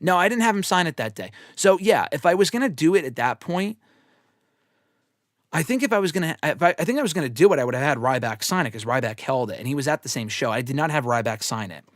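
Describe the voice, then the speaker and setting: A man's voice: on the high side, expressive, fast, no echo. Rambling, profane man on a dry mic. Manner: rambling, profane, self-deprecating storytelling. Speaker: wrestling show host answering fan questions. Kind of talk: casual livestream chat.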